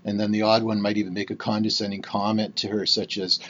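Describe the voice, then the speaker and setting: A man's voice: on the low side, flat delivery, fast talker, fairly bright tone, lo-fi sound. A man about to turn sixty from Canada, hosting his own podcast in a candid, rambling monologue full of fillers and restarts. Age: 50s. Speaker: podcast host. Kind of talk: casual solo podcast monologue.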